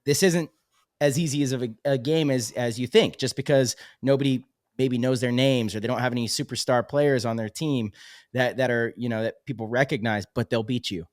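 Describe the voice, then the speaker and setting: A man hosting a casual podcast, talking in a relaxed, agreeable way with many hedges. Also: mid-range voice, brisk, dry recording, clean studio sound. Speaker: podcast host.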